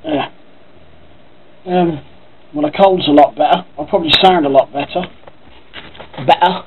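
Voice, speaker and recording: Norfolk bloke rambling on in a home vlog, bit high voice, swears casually, tinny lo-fi mic. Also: male voice, measured pace, slight background noise. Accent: Norfolk English. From Norfolk, England. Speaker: vlogger. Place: at home by his computer.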